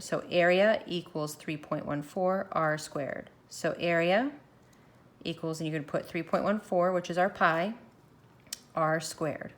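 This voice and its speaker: A woman teaching a recorded math lesson, walking through each step slowly and thinking aloud as she films her worksheet. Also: lowish voice. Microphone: phone camera filming her worksheet.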